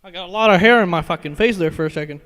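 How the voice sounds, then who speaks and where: A man with a high-pitched voice rambles casually to his stream, swearing freely and laughing between thoughts. His voice carries a long, ringing reverb. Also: very fast, a bit bright. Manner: rambling, profane, laughs often. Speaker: metal music streamer.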